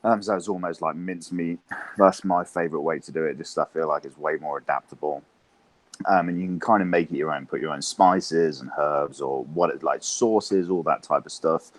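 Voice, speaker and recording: An English man with an English accent, chatting casually as an interview guest, relaxed, with lots of ums and some swearing. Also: extremely low pitch, normal speed, dry recording. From England.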